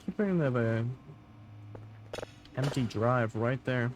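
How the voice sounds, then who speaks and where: A young man streaming a game live, chatting to his viewers, a little tired, with loud bursts of excitement. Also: mid-range voice, slow pace, background noise. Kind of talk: live gaming commentary.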